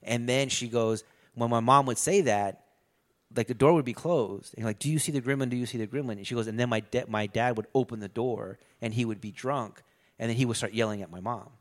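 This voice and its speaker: A man's voice: mid-range voice, fairly quick. A middle-aged man in a casual chat, telling a long story loosely, with lots of fillers and swearing.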